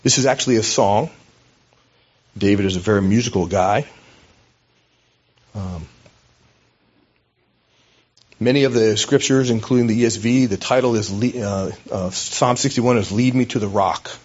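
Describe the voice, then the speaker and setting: A man delivers a sermon in a relaxed, storytelling way, with small hesitations along the way. His voice sits low and sounds a little husky. The recording is dull and lo-fi. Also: normal speed. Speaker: pastor.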